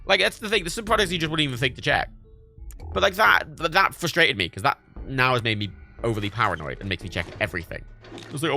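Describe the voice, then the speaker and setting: A man chatting casually while streaming a video game, swearing freely and jumping high in pitch when indignant. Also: sharp tone. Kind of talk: casual gaming stream chat.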